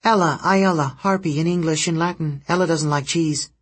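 A man voicing a skittish, twitchy female harpy who blurts odd fragments and stutters. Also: slightly rough. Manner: blurts rapid fragments, stutters, high and jittery.

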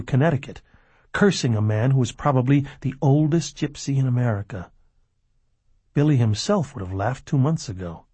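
A man reading a novel aloud as narrator, measured and dropping low and quiet at tense moments. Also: breathy edge, no room sound. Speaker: audiobook narrator. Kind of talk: scripted narration.

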